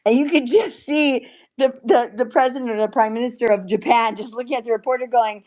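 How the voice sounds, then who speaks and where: Excitable woman hosting political talk. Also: on the high side, a little fast. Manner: excitable, emphatic, exclaims often. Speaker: host. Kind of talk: casual political commentary.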